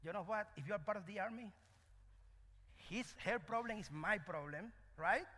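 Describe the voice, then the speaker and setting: A man's voice: high voice, normal speed. A man preaching a sermon, asking the congregation questions and telling a parable. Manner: animated, call-and-response questions. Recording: echoey hall.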